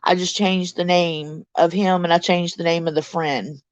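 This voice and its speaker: A middle-aged woman with a Deep South Mississippi accent, chatting bluntly and casually as a livestream host reading her chat. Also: steady tone, moderate pace, dry recording.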